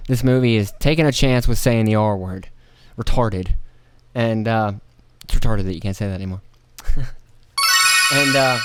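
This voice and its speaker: A man's voice: medium pitch, clear, resonant tone, no room sound. An American man hosting a casual solo podcast, rambling and profane, slipping into mocking put-on voices. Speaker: podcast host.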